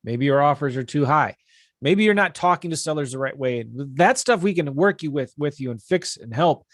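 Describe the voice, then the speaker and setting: A man's voice: fairly high pitch, normal speed, dry recording, clean studio sound. A man teaching real estate investing on a live webinar, talking casually and energetically while he shares his screen. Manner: casual, energetic, talks straight to viewers.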